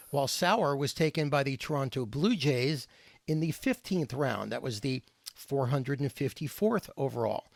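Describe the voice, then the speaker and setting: A man co-hosting a sports podcast, chatting casually and reading news items and stats in a steady, scripted way. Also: on the high side, dry recording.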